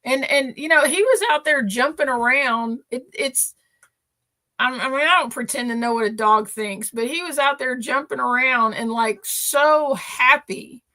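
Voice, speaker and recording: A woman's voice: high voice, measured pace, bright, forceful tone. A woman co-hosting a podcast, telling a story in a rambling, emotional way with many restarts. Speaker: podcast co-host. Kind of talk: casual chat.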